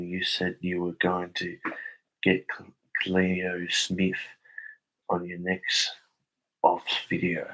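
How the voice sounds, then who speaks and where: A man's voice: sits low, a bit bright, slightly rough, low-quality recording. A young Australian man on a casual live stream, reading viewer comments aloud and answering them.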